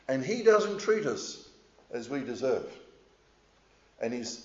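A middle-aged man preaching a sermon in a measured, earnest way, with frequent hesitations as he speaks to a congregation. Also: a little high, darkish tone. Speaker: pastor. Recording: echoey, slightly dull room sound.

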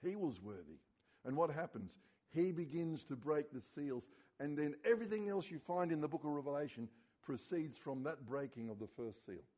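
Pastor, male, warm mellow tone, earnest sermon delivery that sinks quiet on key words. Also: fairly high pitch, expressive, normal speed.

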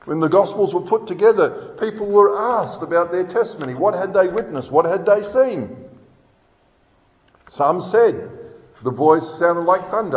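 Earnest preacher man in a reverberant hall. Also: fairly high pitch. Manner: earnest, emphatic, reads scripture aloud. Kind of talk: sermon. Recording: dull sound with long hall reverb.

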